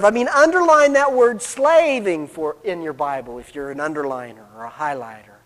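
Casting note: high-pitched male pastor with a cold, emphatic sermon delivery, long hall reverb. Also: lively intonation, moderate pace, hardly any pauses. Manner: emphatic, repeats "notice" to stress points. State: has a cold, coughing.

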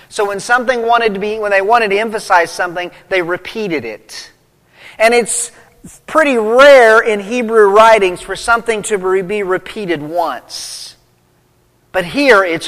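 A man's voice: sits high, measured pace, fairly bright tone. A man preaching a sermon, reading scripture aloud and then explaining it with rising emphasis. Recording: long hall reverb.

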